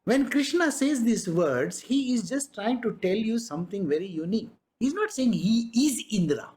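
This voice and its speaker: A man teaches in a spiritual discourse, talking the way he would to a room of students. His pitch rises and falls in a very animated way, and he keeps throwing rhetorical questions at his listeners and chuckling. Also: normal speed.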